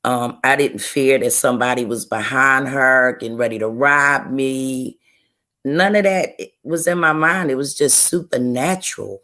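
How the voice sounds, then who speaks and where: A woman, a guest author, sharing an emotional personal testimony in an interview, telling it slowly and earnestly and often repeating her phrases. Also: rumbling low, bright, forceful tone.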